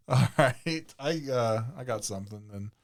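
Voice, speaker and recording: Male podcast co-host for a story-reading segment, laughs through his reading. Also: mid-range voice. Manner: laughs often while reading. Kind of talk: reading funny stories aloud.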